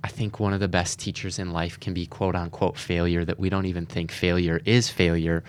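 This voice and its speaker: A man's voice: deep voice, level tone, brisk, a little hiss or hum. A man hosting a podcast interview, asking questions and encouraging his guest. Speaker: podcast host.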